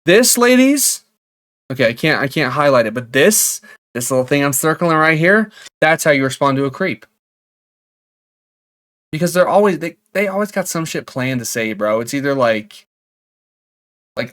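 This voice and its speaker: A man's voice: on the high side, lively intonation, moderate pace, pauses often, a bit bright. A man doing comedic reaction commentary on creepy messages, sarcastic, laughing often and swearing.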